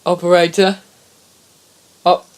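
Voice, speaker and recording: Brief: a man playing a nervous caller, high and flat, slow and halting. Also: smooth. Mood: fretful. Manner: halting, stammering, high and strained. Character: fretful male fan calling in with a problem.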